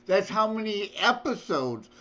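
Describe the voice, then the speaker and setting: A man co-hosting a podcast, working through numbers out loud in casual chat. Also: sits high, big pitch swings, a little slow. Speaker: podcast co-host. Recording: dull, lo-fi mic.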